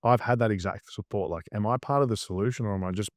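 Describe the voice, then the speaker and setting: A man's voice: on the low side, quick pace, no echo, studio quality. An Australian man, a guest, talking bluntly and swearing freely in a casual interview.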